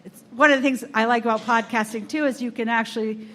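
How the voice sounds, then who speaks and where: A woman's voice: fairly high pitch, steady tone, quick pace, a bit bright. A woman hosting a live podcast event, speaking to an audience in a room with a microphone, bubbly and often laughing. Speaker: podcast host. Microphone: handheld microphone.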